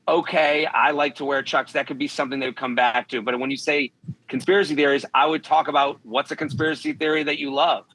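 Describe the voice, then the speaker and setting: A man's voice: mid-range voice, sharp tone, rough recording. A man, a comedian guest on a podcast, giving blunt, emphatic dating advice and often acting out what people might say. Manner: blunt, emphatic, quotes imagined speakers. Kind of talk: podcast chat.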